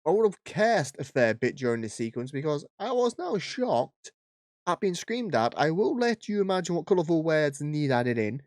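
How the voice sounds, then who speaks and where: A man's voice: a little high, big pitch swings, normal speed, darkish tone, dry recording. A man narrating online stories, with dry joking asides between them. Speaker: YouTube story narrator. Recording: dry close mic with faint music.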